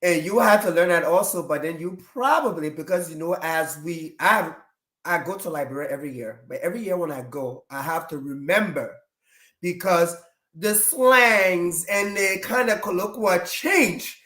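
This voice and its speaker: A woman's voice: lowish voice, moderate pace, fairly bright tone. A woman hosting a casual online interview, enthusiastic and talking straight to her viewers. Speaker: talk show host. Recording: echoey room.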